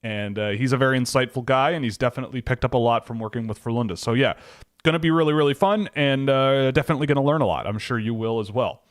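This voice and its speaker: A man hosting a live hockey scouting stream, chatting casually in a relaxed, rambling way with many fillers. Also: medium pitch, quick pace, dry recording, studio quality. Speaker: hockey scouting show host.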